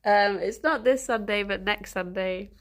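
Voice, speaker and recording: A woman's voice: mid-range voice, a little slow. A woman streaming casually, giggly and rambling, chatting with viewers and talking to her rabbits, a bit sniffly.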